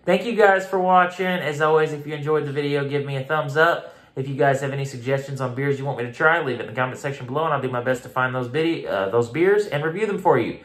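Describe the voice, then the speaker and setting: A man's voice: on the high side, quick pace, few pauses, fairly bright tone. Blunt, emphatic man in an echoey room. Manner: blunt and emphatic, repeats himself, swears casually. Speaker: beer reviewer. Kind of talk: casual video review.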